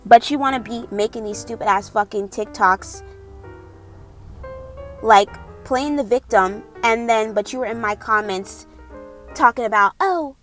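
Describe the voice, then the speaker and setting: A woman's voice: medium pitch, fairly bright tone. Woman ranting heatedly, swearing freely. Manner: mocks others in sing-song voices. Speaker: makeup vlogger. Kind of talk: venting while doing makeup. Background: faint background music.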